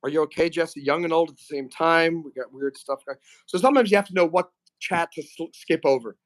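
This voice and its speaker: A man hosting a casual live stream, reading out chat messages and talking to a guest, often clearing his throat. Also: on the high side, a little fast. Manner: chatty, reads chat aloud, frequent throat clearing.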